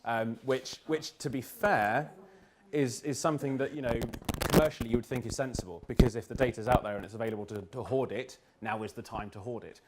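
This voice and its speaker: Male speaker for a live talk, wry, jokey, quick asides, mid-pitched. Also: very noisy. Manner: joking, quick asides, restarts. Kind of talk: humorous presentation. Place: event room with an audience.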